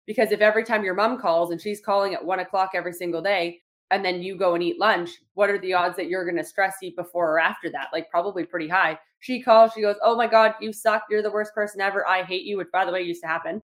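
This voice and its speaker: Fast-talking chatty woman podcaster. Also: lowish voice, steady tone. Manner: chatty, lots of "like" fillers, acts out quotes. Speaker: podcast host. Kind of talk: casual solo podcast talk.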